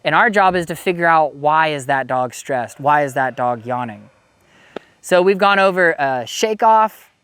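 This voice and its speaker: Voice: medium pitch, animated, measured pace, a bit bright, clean tone, dry recording. Easygoing dog trainer explaining canine cues. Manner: easygoing, explanatory, frequent "you know". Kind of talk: casual instructional talk.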